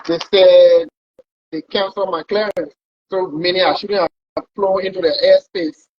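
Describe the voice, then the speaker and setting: A man with a high, husky voice tells his travel story in a loose, conversational way, circling back and repeating himself as he goes. The recording is dull and lo-fi, as if heard through a cheap mic. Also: steady tone, measured pace. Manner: rambling, repeats words while recounting. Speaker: pilot guest.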